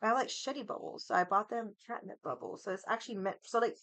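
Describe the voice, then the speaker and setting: A woman's voice: mid-range voice, fast, fairly bright tone, no room sound. A woman streamer telling a story in casual chat, profane and rambling, saying "like" constantly. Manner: profane, rambling, heavy use of "like".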